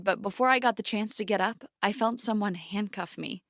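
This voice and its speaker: A woman's voice: mid-range voice, moderate pace, no echo, clean studio sound. A woman reading a scripted first-person story aloud with dramatic delivery. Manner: dramatic, yells out quoted lines.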